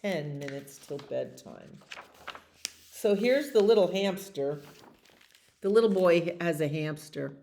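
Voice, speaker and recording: A woman librarian reading a bedtime story aloud to children, gentle and expressive, with chatty asides. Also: fairly low pitch, slow pace, creaky, pauses often.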